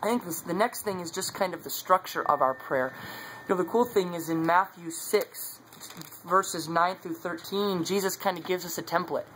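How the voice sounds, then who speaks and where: A man's voice: high-pitched, moderate pace, fairly bright tone, a little hiss or hum, rough recording. A man sharing his faith in a casual devotional talk, earnest and conversational, recorded on a phone. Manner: earnest, conversational, many fillers.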